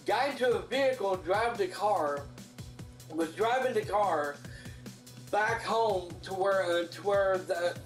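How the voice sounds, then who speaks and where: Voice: mid-range voice, takes it slowly. Casual movie recap, rambling and profane, lots of restarts, roomy echo, faint music behind. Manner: acts out characters' lines in a raised voice. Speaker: movie reviewer.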